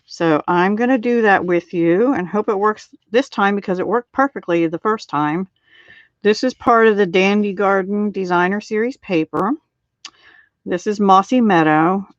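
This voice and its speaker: A chatty middle-aged woman hosts a live craft tutorial from her home craft room. She talks to viewers by name and fills pauses with ums and soft laughs. The audio is dull and lo-fi, with a dry, close sound. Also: mid-range voice, dry recording. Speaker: card-making demonstrator.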